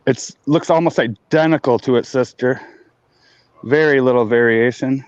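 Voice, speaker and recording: A man chatting casually on a live stream, rambling and repeating words, high and talking with a blunt in his mouth. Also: moderate pace, no echo, muffled recording. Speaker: grower showing plants on a live stream.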